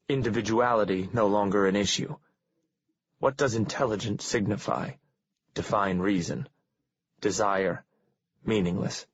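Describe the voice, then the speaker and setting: A man with a husky voice giving a calm, cold, measured first-person reading of a novel. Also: fairly low pitch, dry recording. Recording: dull lo-fi dry recording.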